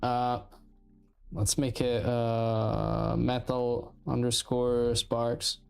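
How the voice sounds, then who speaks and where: A man in his thirties from Italy with an Italian accent, chatting casually and profanely while streaming game development, rambling and animated. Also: mid-range voice, very slow, gravelly, clean tone, soft background music. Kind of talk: casual livestream chat.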